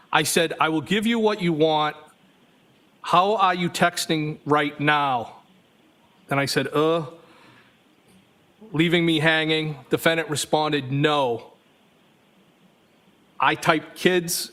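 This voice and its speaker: A man's voice: fairly high pitch, a bit bright. A man testifying as a trial witness, reading text messages aloud evenly and speaking the punctuation marks.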